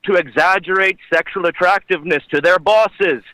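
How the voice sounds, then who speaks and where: A man's voice: high-pitched, moderate pace, no room sound, poor audio. A man calling in by phone and doing an impression of a pompous, self-important lecturing professor. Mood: mock-solemn. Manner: mock-solemn lecturing, then shouting rants. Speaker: call-in caller. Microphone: phone call-in.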